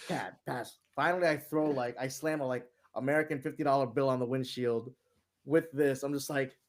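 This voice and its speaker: A man's voice: mid-range voice, fairly even intonation, normal speed. Man from New York, loose rambling storyteller, swears freely, laughs through his story, chatty guest. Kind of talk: casual storytelling.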